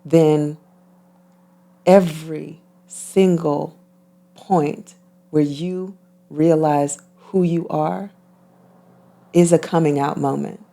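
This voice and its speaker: Low, gravelly woman, measured and calm. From United States. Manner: measured, repeats phrases for emphasis. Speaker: guest, intuitive healer and physician. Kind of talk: reflective interview talk.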